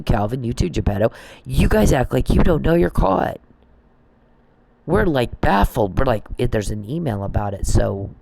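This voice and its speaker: Guy ranting and cussing at people straight to camera, gravelly dark voice, keeps restarting his sentences. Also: mid-range voice. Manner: profane, confrontational, addresses people directly; repeats and restarts phrases. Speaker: vlogger. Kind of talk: angry ranting monologue.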